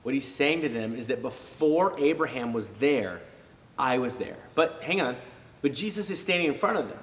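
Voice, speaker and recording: A man's voice: mid-range voice, moderate pace, in a large hall, far from the mic, low-quality recording. A man giving a casual youth sermon, talking it through conversationally with fillers and restarts. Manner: animated when acting out reactions. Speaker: youth pastor.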